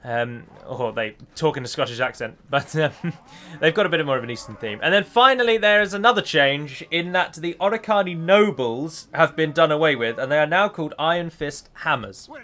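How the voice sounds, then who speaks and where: A man's voice: fairly high pitch, fairly quick, sharp tone. A man giving a chatty gameplay voice-over as a mod developer, often correcting himself as he explains.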